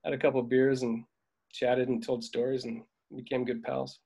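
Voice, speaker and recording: A middle-aged man spins loose, rambling anecdotes in a relaxed interview. His voice sits at an ordinary pitch, and he often trails off with fillers and chuckles as he recalls the work. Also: moderate pace, creaky, slightly rough. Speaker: veteran dolly grip, guest. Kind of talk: casual interview storytelling.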